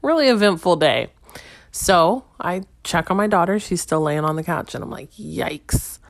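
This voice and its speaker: Chatty mom talking wryly about family life. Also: female voice, lowish voice, expressive, moderate pace, dry recording. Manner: chatty, wry, talks straight to listeners. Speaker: stay-at-home mom vlogger. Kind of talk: casual storytelling monologue.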